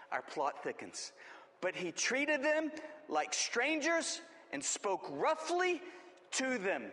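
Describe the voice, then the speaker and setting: A man preaching a sermon, telling the story dramatically and acting out the quoted lines, swinging between booming and hushed. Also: a little hiss or hum. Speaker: pastor. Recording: long hall reverb.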